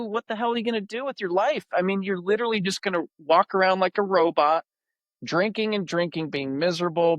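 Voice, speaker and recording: A man's voice: a little high, fairly bright tone, no room sound. A man hosting a podcast, talking with an emphatic, preachy passion. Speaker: podcast host. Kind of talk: passionate interview talk.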